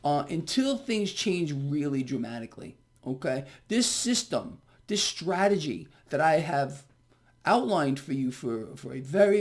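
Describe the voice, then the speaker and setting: His voice a little high and darkish in tone, this man talks directly to his viewers about the markets with real emphasis. Repetition runs through his delivery, along with frequent "okay?" check-ins, and he addresses his audience as "people."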